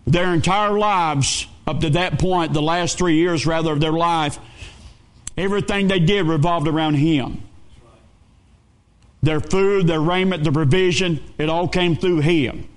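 A man's voice: on the high side, unhurried. A man preaching a sermon, telling stories in a folksy way. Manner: storytelling preacher, folksy phrasing. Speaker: pastor.

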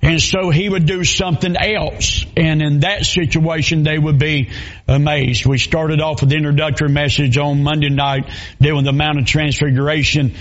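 A pastor, preaching a sermon in a folksy storytelling way with plain dialect grammar. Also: male voice, fairly high pitch, little pitch movement, moderate pace, dull audio. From Southern US.

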